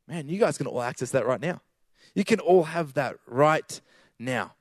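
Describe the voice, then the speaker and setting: A man's voice: fairly high pitch, lively intonation, moderate pace, no room sound. A man giving a casual sermon with slang, building to emphatic repeated lines.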